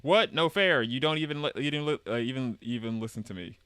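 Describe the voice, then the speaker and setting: A man's voice: medium pitch, lively intonation, a little fast, a bit bright, smooth, no echo, clean studio sound, lightly acted. A man voicing a restless young girl with a pouty, complaining way of talking. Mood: indignant.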